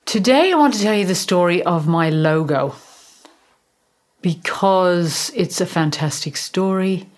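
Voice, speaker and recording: A middle-aged Irish woman hosting a podcast, telling a personal story in a measured, gently humorous way. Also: on the low side, expressive. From Ireland. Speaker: podcast host, therapist. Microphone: podcast microphone in a small room.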